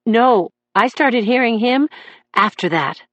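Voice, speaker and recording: A man's voice: very high-pitched, animated, slow pace, fairly bright tone, no echo, dull audio, voice pushed up, heavily acted. A woman voicing a distraught defendant in his thirties, a man whose voice warbles with emotion as he testifies. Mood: haunted. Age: 30s.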